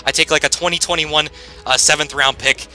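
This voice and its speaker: A man giving casual, rambling gameplay commentary as he plays, with sudden loud bursts of hype. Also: on the high side, fairly even intonation, brisk, soft background music. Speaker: gaming commentator.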